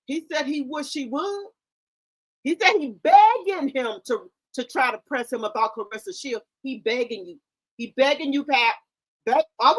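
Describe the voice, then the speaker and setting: Animated high-voiced woman gossip host. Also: low-quality recording. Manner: animated, profane, dramatic retelling. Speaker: commentary channel host. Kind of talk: casual gossip commentary.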